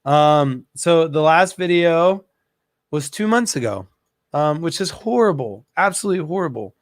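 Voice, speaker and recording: A man hosting a casual livestream chat, animated and laughing at his own stories, stuffy with allergies. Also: on the high side, normal speed, no room sound, clean studio sound. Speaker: aquarium shop host.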